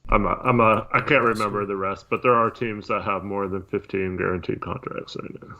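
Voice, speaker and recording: Man, podcast co-host, bright forceful voice, muffled lo-fi recording, measured and hedging. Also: on the low side, fairly even intonation. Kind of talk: casual sports podcast chat. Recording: dull lo-fi mic.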